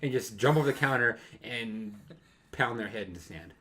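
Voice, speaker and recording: A young man co-hosting a casual podcast, ranting and telling stories in an animated way that swings from low mutters to loud bursts. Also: normal speed. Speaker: podcast co-host. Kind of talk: casual chat.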